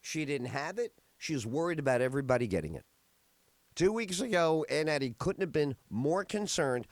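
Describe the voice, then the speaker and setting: Man, middle-aged, podcast host, rambling chatty storyteller, fairly high pitch, very lively, dry sound. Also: moderate pace, dry recording. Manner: rambling, animated storytelling with many fillers. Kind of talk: casual chat.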